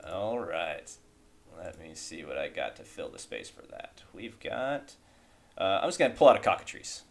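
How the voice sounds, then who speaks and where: Brief: low male game master, casual, reads rules quickly, easy chuckles. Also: very animated, creaky, slight background noise. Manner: casual, rattles through rules text, chuckles often. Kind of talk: running a tabletop game.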